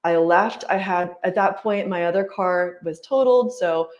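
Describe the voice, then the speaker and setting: A woman's voice: lowish voice, moderate pace, a little mellow, lo-fi sound. A woman who works as a life coach and yoga teacher tells her story in a casual interview. She is earnest and chatty, and she keeps saying "like" and "right?".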